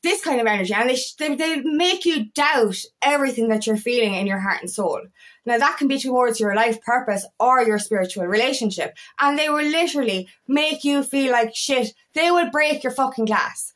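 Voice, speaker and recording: A woman's voice: sits high, normal speed, a bit bright. A woman coaching on spirituality in an unscripted, impassioned rant, swearing constantly as she talks to her followers. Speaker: feminine empowerment coach.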